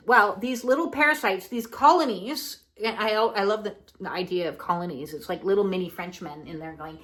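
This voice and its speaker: Bright-voiced, frank woman vlogger. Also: mid-range voice, fairly quick, low-quality recording. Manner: frank and jokey, swears freely. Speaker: wellness vlogger. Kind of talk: casual health vlog talk.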